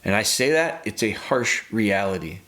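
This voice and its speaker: A man in his thirties with a somewhat low voice talks on a podcast, giving earnest advice. He leans on repetition, coaching the listener the way a trainer would. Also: expressive, normal speed, sharp tone. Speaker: dog trainer, podcast host.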